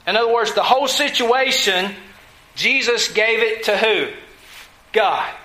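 A man's voice: high voice, a little slow, sharp tone, echoey room, poor audio. A man preaching a sermon, emphatic, asking his listeners questions and answering them himself. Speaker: pastor.

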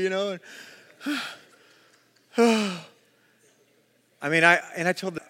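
A high-pitched, bright male pastor preaches in a large hall with a long reverb tail. He tells stories with lots of energy and acts out the voices in them. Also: takes it slowly, pauses often. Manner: storytelling, animated, acts out voices. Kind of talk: sermon.

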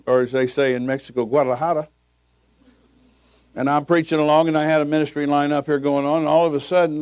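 An older male pastor preaches in a folksy, storytelling way, chuckling between his anecdotes. His voice sits fairly high for a man. The sound is dry and close. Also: darkish tone, no room sound. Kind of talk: sermon with storytelling.

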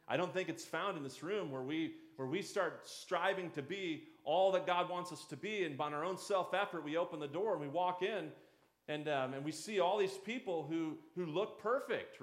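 A male pastor delivers a sermon in a relaxed, talking-to-you way, now and then acting out the inner voices of struggling churchgoers. His voice sits fairly high for a man. The room adds a noticeable echo around him.

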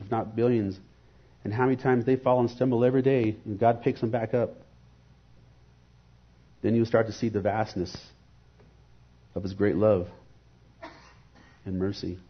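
Husky-voiced man preaching earnestly. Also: medium pitch, highs cut off. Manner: earnest, reflective, rhetorical questions. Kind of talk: devotional sermon.

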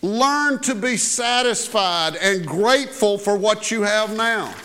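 A man's voice: high-pitched, animated, takes it slowly, bright, forceful tone. A man preaching a sermon, telling a story in a folksy, conversational way with asides to the congregation. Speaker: pastor.

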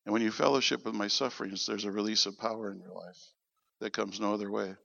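Male preacher, gravelly and forceful, animated storytelling sermon, dry lo-fi recording. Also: fairly low pitch, fast talker, no room sound. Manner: animated, acts out quoted dialogue. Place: church. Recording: dull lo-fi sound.

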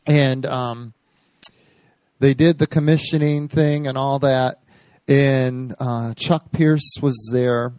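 A man's voice: medium pitch, no room sound. Man telling a story from the pulpit. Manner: storytelling, quoting others in lively bursts. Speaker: preacher. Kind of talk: sermon testimony.

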